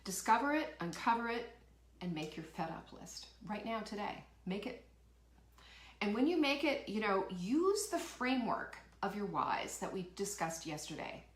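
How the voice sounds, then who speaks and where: Very animated and moderately paced, a mid-range female voice rings through a roomy space. She's the host of a live motivational talk show, emphatic and fired up, peppering listeners with rhetorical questions and laughing as she reads viewer comments.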